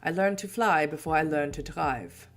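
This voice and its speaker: Woman reading as a stern elder vampire prince. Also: low voice. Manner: formal, measured, threatening.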